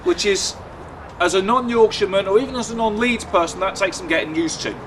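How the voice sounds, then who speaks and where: High-voiced southern English man doing stand-up. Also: a bit bright. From Luton, England. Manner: chatty, sardonic, drawn-out punchlines. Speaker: stand-up comedian. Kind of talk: stand-up routine. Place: outdoors in a city. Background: faint outdoor ambience and traffic.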